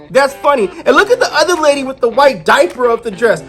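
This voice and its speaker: Casual comic reviewer narrating a plot recap, amused and animated, lively pitch over faint music. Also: normal speed. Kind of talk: casual story retelling.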